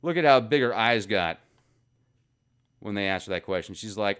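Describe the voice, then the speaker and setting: A man's voice: mid-range voice, a little fast, a bit bright, smooth. A man hosting a casual commentary video, joking and rambling between topics. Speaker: video host.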